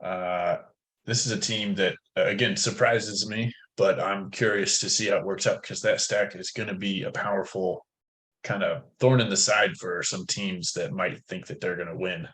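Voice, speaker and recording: Deep-voiced man mulling over picks. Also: steady tone, moderate pace, fairly bright tone, low-quality recording. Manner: thoughtful, hedging with fillers. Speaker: fantasy football analyst. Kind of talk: casual podcast discussion.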